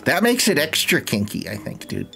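A man's voice: on the high side, wildly swooping pitch, normal speed, creaky, over music. A young man streaming a life-sim game, with casual, sarcastic, jokey commentary and frequent swearing.

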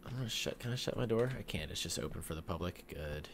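A man with a fairly low voice jokes his way through a spooky game, chatting to viewers and breaking into sudden yelps. Faint noise hums behind him. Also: lively intonation, fast talker. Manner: joking, talks to viewers, sudden yelps and shouts. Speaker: gaming video host. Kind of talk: casual let's-play commentary.

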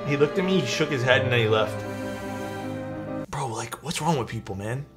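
A young man streaming, telling his viewers a story in a loose, casual way. He slips into the voices of the people he quotes. Faint music plays softly behind him. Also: medium pitch, normal speed. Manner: animated, acts out quoted people.

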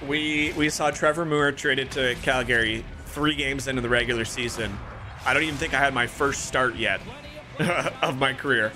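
A young man streaming a hockey video game, calling the plays like a sportscaster and reacting with excited outbursts. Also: mid-range voice. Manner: excitable play-by-play, rising to shouts. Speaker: gaming streamer. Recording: music playing clearly behind.

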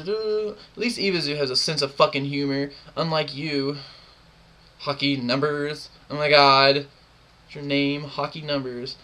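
A young man in his twenties rants to camera, defiant and mocking, with constant swearing. His voice sits a little high, with a tense, bright edge. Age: 20s. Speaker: gaming clan member. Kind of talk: ranting video monologue.

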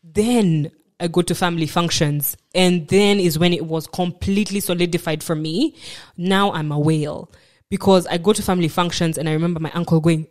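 A woman's voice: on the low side, a little fast, a little mellow. A woman with a Kenyan accent, frankly and reflectively telling her own story as a podcast guest, with self-deprecating asides. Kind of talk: candid personal storytelling.

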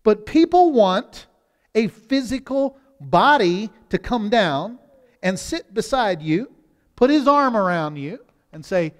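A man pastor preaching in a church, his high voice leaping up and down in pitch. He talks in a loose, conversational way, restarting phrases and dropping from loud to hushed. The hall rings with a long reverb. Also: big pitch swings, slow. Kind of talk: sermon. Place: church sanctuary.

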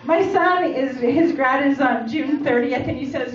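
A Canadian woman in her forties, high-pitched and measured, performs a chatty stand-up set in a comedy club, teasing the audience with questions. The recording is echoey, distant and muffled, with slight background noise, audience laughter and crowd sounds.

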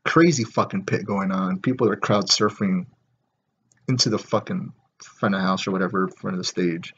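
A man's voice: low-pitched, moderate pace, fairly bright tone, breathy edge. A man ranting casually to camera in a profane, rambling way, full of filler words. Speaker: vlogger. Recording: dull lo-fi recording.

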